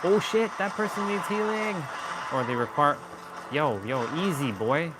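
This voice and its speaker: A man's voice: on the high side, lively intonation, measured pace, heavy background noise. A man chatting casually on a live gameplay stream, swearing and joking as he taunts enemies in the game. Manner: playful trash talk at enemies, swearing, joking.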